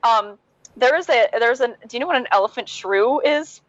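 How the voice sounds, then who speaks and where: A woman's voice: a little high, normal speed, fairly bright tone, dull audio. A woman guest on a podcast, talking casually and filling her speech with "like". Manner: chatty, uses many "like" fillers.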